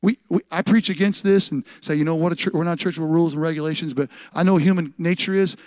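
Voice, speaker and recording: A man's voice: a little high, quick pace, few pauses, a little mellow, no echo. A man preaching a sermon as pastor, emphatic and repetitive, often restarting his words.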